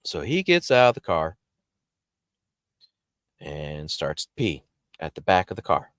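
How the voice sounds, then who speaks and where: Low-voiced man telling a story. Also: a little slow, clear, resonant tone, no room sound, studio quality. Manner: animated, jumps high when acting out quotes. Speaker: paranormal storyteller host. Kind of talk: casual storytelling monologue.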